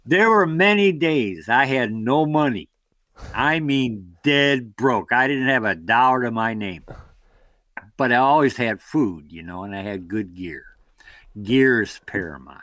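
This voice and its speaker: Animated American man telling stories. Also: medium pitch, unhurried, no room sound. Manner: rambling, animated anecdotes with acted-out quotes. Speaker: guest, long-distance canoeist. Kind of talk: storytelling interview.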